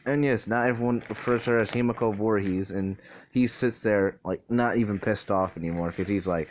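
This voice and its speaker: A man's voice: on the low side, a little fast, slight background noise. A man casually retelling a fan story, rambling and swearing, with many fillers. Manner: rambling, profane, full of fillers like "basically" and "like".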